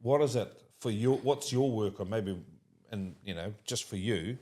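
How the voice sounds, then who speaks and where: Chatty New Zealand man, low voice. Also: moderate pace. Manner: animated, laughs often, talks in restarts. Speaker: interviewer. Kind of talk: casual conversational interview.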